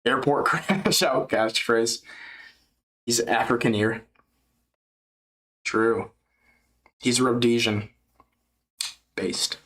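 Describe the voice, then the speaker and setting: A man's voice: medium pitch, steady tone, extremely slow, long pauses, a bit bright, rough recording. An American man hosting a casual fight-companion livestream, talking in a loose, slangy, rambling way and laughing often. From United States.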